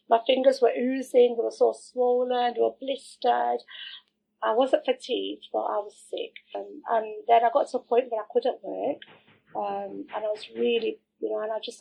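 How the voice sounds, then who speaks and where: A middle-aged woman telling her own story as an interview guest, candid and animated, acting out the things people said to her. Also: on the high side, creaky, slight background noise, rough recording. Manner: candid, animated, acts out quoted remarks.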